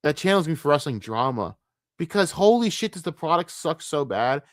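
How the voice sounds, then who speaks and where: A man's voice: on the high side, big pitch swings, brisk, no room sound. Young man, livestream rant, fed up and swearing, stammered restarts, dry close sound. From United States. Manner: frustrated, profane, repetitive stammering restarts. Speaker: streamer. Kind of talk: casual ranting livestream.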